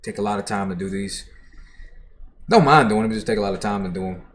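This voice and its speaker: A man's voice: fairly low pitch, quick pace, slight background noise. A man hosting a music reaction livestream, chatting casually and reading viewer comments aloud in a laid-back, profane way.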